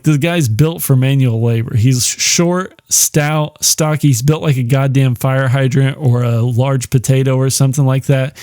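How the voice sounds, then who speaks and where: A man with a mellow, darker voice talks through a film comparison in a loose, rambling way. He swears freely, chuckles often and leans on fillers. The sound is dry, with little room in it. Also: mid-range voice, dry recording. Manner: profane, laid-back, chuckling, with lots of fillers. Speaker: podcast host.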